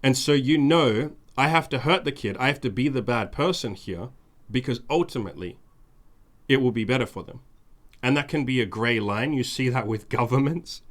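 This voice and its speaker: A male podcast host talking in a loose, casual way. His voice sits at an ordinary middle pitch. He is blunt and swears freely, driving his points home with lists and repetition. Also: normal speed. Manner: mimics whiny demands in a raised voice.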